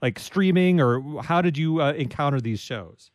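A man hosting a radio call-in show, chatting casually with callers and making quick, self-deprecating remarks. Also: fairly high pitch, lively intonation, dry recording, highs cut off. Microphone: studio microphone.

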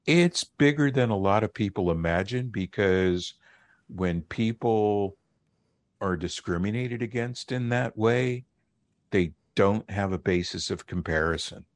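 Deep-voiced middle-aged man explaining. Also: no echo. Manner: measured, explanatory, with occasional fillers. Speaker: linguist and professor, radio guest. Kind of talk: radio interview.

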